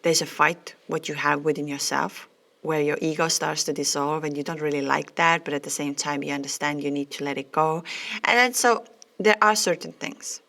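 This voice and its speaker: Low gravelly-voiced woman podcaster, earnest. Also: fairly even intonation, normal speed, fairly bright tone. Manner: earnest, heartfelt, repeats phrases, non-native phrasing. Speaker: podcast host and twin flame coach. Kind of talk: spiritual podcast monologue.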